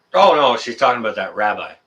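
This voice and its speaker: Excitable guy rambling to his live chat, bright voice, pitch jumping all over. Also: moderate pace. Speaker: livestream host answering chat.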